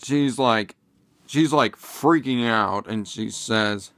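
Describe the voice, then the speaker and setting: Male commentator, slow and hesitant, lots of fillers, middle pitch, dry recording. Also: a bit bright, no room sound. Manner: rambling, hesitant, many fillers and restarts. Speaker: video commentator. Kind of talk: casual commentary vlog.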